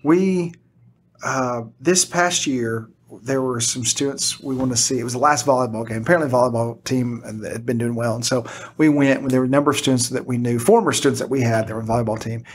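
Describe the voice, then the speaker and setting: A man's voice: mid-range voice, a little fast, slight background noise. A middle-aged man, a teacher and podcast guest, telling stories in casual chat and acting out what people said. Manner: animated storyteller, acts out quotes.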